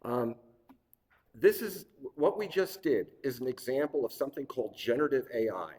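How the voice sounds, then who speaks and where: A middle-aged man giving a relaxed, digressive workshop talk with frequent fillers and restarts. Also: medium pitch, normal speed. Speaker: workshop presenter. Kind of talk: conversational lecture. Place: lecture hall. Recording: reverberant hall.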